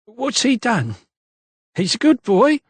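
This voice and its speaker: A man's voice: very high-pitched, wildly swooping pitch, slow pace, slightly rough, dry recording, pitched above the performer's own voice, exaggerated voice. A man voicing a guarded young woman in her early twenties who works at a tavern. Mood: wary. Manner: wary, guarded.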